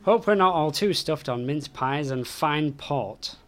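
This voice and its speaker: A man's voice: fairly high pitch, animated, unhurried. A man reading out a listener's letter, amused and chuckling as he goes.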